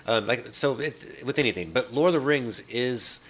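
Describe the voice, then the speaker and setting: A man hosting a podcast in a casual movie discussion, rambling and acting out movie lines in quick put-on voices. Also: medium pitch, expressive, a bit bright. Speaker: podcast host.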